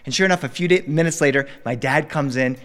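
A man telling a story to a live studio audience, animated and bilingual, with asides to the crowd. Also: medium pitch, quick pace. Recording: long reverb, live studio.

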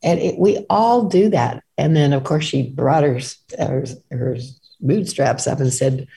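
Middle-aged woman co-host, earnest, gravelly and dark-toned. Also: low-pitched, measured pace. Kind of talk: casual conversational talk.

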